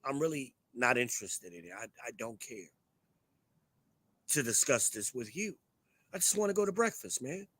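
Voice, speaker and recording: A man's voice: medium pitch, big pitch swings, normal speed, long pauses, a bit bright, husky, no room sound. Blunt, profane man ranting to his chat. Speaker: show host. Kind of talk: ranting commentary to a live chat.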